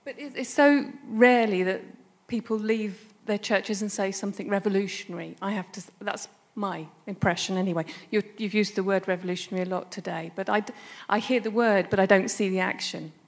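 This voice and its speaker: A woman's voice: medium pitch, fairly quick, hardly any pauses. An English woman in the audience putting a question from the floor, earnest and a little wry. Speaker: audience member asking a question. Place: London event hall.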